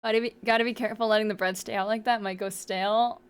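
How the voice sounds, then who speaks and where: A woman's voice: mid-range voice, steady tone, fast talker, clear, resonant tone. A woman streamer chatting casually with her viewers, playful and giggly as she teases them. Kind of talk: casual live-stream chat.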